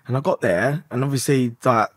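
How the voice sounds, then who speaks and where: A man's voice: medium pitch, no room sound, clean studio sound. A man in his thirties, a podcast guest, telling his story in an emotional, rambling way and swearing often. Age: 30s. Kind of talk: candid confessional storytelling.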